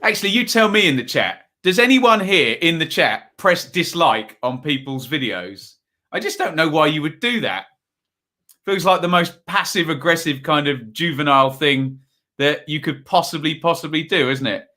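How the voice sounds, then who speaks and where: A man's voice: on the high side, animated, moderate pace, pushed and bright. A man hosting a live football stream, chatting with viewers and reading out scores, a little tired. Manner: chatty, reads out chat messages and scores. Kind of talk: casual live-stream chat and score updates.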